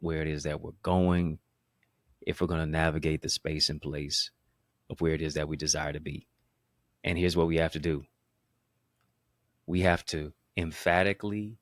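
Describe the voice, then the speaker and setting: A man with a very low, deep voice delivers a motivational talk straight to his listeners. He speaks emphatically, in a rolling, preacher-like cadence that leans on repetition and wordplay. The sound is dry and close, with no room around it. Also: fairly bright tone, dry recording. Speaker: motivational speaker and show host.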